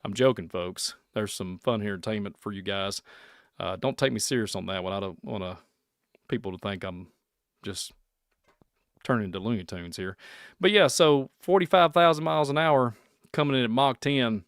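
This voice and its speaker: A man's voice: fairly low pitch, moderate pace, dry recording, clean studio sound. A man with a Kentucky accent hosting a podcast, reading posts and news aloud in a folksy, rambling way, repeating lines and slipping into preachy asides. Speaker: podcast host.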